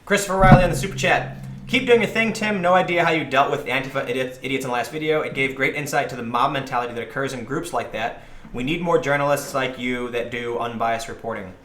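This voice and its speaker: A man in his thirties hosting a casual live stream, telling rambling, animated stories and acting out what people said to him. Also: mid-range voice, quick pace. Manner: rambling, animated storytelling, acting out quoted voices. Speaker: livestream host. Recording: echoey room, faint noise.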